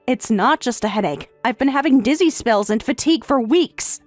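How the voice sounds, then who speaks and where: A woman's voice: fairly high pitch, lively intonation, normal speed, no room sound, faint music behind, lightly acted. A synthetic woman's voice reading a tired young wife who answers back firmly and pointedly. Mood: defiant. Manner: firm, pointed replies. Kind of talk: text-to-speech story reading.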